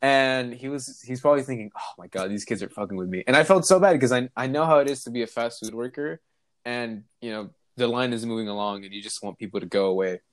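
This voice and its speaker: A man's voice: mid-range voice, fast talker, no echo. A young man telling a funny story in a casual chat, acting out the voices of the people in it and laughing along. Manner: animated, laughs while telling stories, acts out voices.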